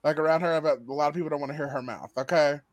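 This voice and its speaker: A man's voice: a little high, fairly even intonation, racing. A man hosting a casual recap chat, laughing often and swearing freely. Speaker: podcast host.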